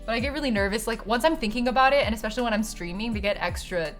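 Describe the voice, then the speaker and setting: A woman's voice: a little high, very fast, few pauses, soft background music. A young woman live-streaming from her desk at home, chatting casually with her viewers. She swears a lot and laughs often.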